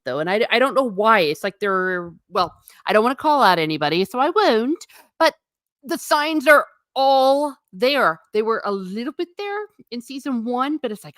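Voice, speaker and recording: A woman hosting a casual livestream, talking excitedly and chatting with viewers. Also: mid-range voice, normal speed, no echo, studio quality. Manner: animated, exclaiming, talks to chat. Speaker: livestream host.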